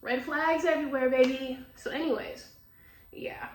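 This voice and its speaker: A high-pitched woman chats her way through a tarot reading, blunt and profane, laughing as she goes. She sounds a little off-mic in a roomy, echoing space with a faint hiss underneath. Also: steady tone, normal speed. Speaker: tarot reader. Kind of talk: casual tarot reading chat. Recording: echoey room, distant mic, faint noise.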